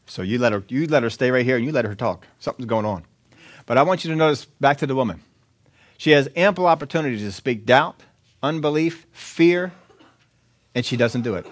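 Pastor, male, animated sermon delivery, acts out quotes in shifting voices. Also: mid-range voice, moderate pace. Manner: animated preaching, acting out quotes in changing voices.

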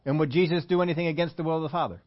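A man's voice: on the high side, steady tone, very fast, dull audio. Man preaching in a chatty sermon. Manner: conversational, humorous asides, rhetorical questions. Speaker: pastor. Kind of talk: sermon with scripture reading.

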